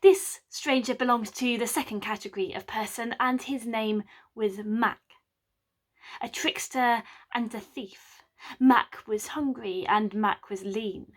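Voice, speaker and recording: A woman scholar telling a medieval play aloud as a winter tale, with lively, wry asides to the listener. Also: a little high, unhurried. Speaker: storyteller, medieval drama scholar. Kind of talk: oral storytelling of a medieval play.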